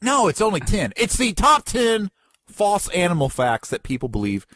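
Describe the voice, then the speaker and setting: Animated rambling man with a lisp. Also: high voice, normal speed, no echo, studio quality. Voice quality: slight lisp. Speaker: podcast co-host. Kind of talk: casual comedic chat.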